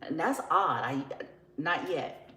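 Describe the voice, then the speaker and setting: A woman's voice: deep voice, expressive, slow, sharp tone, echoey room, rough recording. A woman giving a casual tarot reading, blunt and profane, often laughing as she talks. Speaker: tarot reader.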